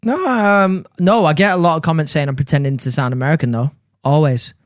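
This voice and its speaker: A man's voice: on the high side, brisk, no room sound, studio quality. A young man from Manchester, a podcast guest, chatting casually with self-mocking stories. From Manchester, England. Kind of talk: casual chat.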